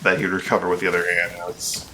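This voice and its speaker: A man's voice: sits low, monotone, fast talker, heavy background noise. A man streaming a game, chatting casually and thinking aloud in rambling asides. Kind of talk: casual gameplay commentary.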